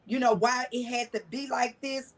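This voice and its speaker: Candid, blunt-spoken woman, slightly high. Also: fairly even intonation, moderate pace, poor audio. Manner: blunt, colloquial, with frequent cussing and restarts. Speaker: guest. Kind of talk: candid personal storytelling.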